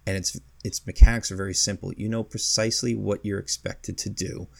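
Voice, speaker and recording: Gravelly low-voiced man in casual podcast chat. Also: flat delivery, brisk, no echo. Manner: rambling, reels off long lists, chuckles mid-sentence. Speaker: podcast co-host. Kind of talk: casual podcast chat about video games.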